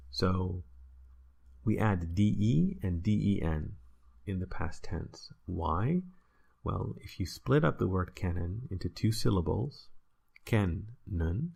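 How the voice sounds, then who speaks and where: A man's voice: deep voice, gravelly, darkish tone, slightly rough. A man teaching a casual online language lesson, explaining patiently and checking in with "right?".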